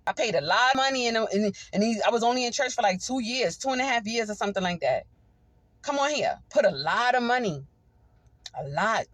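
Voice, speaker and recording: Woman, high-ish voice, fervent testimony preacher, dry close sound. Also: expressive, fairly quick, a bit bright, dry recording. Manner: fervent, calls out "come on here" often. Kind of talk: testimony sermon.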